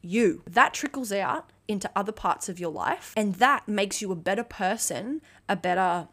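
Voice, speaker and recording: A woman's voice: mid-range voice, expressive, normal speed, a bit bright. Blunt, emphatic young woman podcaster. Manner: blunt, emphatic, swears freely, checks in with "okay?". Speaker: podcast host. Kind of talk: solo motivational podcast talk.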